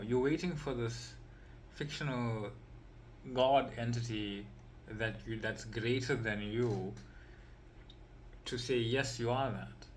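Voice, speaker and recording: A man's voice: medium pitch, slight background noise. A man teaching as an empowerment coach in an informal, rambling way. He repeats himself, keeps checking in with "right?" and "you see", and chuckles now and then while he draws with a pen.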